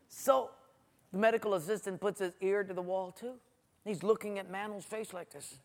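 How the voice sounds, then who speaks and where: A middle-aged man preaching a sermon, telling stories in an animated way and acting out the quotes. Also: high voice, fairly quick. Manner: storytelling, animated, acts out quotes. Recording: echoey hall.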